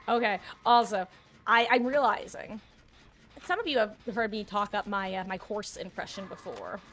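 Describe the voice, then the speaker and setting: A woman streaming a video game, chatting casually with her viewers and reacting excitedly to the play. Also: medium pitch. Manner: chatty, excitable, quick to laugh. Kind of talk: casual gameplay commentary.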